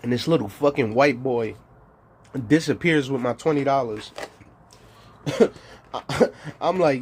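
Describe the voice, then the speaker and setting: A man's voice: mid-range voice, measured pace, pauses often, a little hiss or hum. A man giving a rambling, profane monologue as a streamer, bragging and laughing often between lines. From New York.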